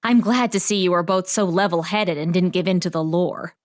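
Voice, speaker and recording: A woman's voice: lowish voice, brisk, lightly acted. A woman voicing a theatrical, gossipy small-town woman in an audiobook, coy and fond of drama. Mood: gossipy, dramatic. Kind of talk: audiobook character voice.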